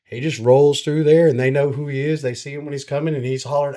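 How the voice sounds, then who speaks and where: Folksy, animated man telling a story. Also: medium pitch, quick pace. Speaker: podcast host. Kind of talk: casual podcast conversation.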